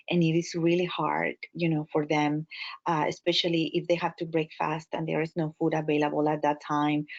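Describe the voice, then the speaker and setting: Latina woman trainer with a Spanish accent, low-pitched, expressive storyteller, muffled lo-fi recording. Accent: Latin American Spanish. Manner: expressive, animated storytelling with many fillers. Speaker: immigrant advocate and trainer. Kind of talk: training talk. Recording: muffled lo-fi audio.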